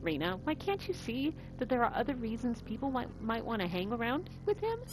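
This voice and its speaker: A woman's voice: fairly high pitch, very animated, fairly quick, noisy background, pitched above the performer's own voice. A woman voicing a blunt, earnest young male swordsman over game music. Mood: indignant. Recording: game music playing behind.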